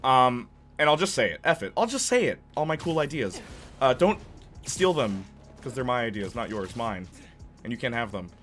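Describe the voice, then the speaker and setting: A young man streaming gameplay, chatting in a rambling, excitable way with lots of fillers and tangents. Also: medium pitch, moderate pace, soft background music. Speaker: gaming streamer. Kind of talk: livestream gameplay commentary.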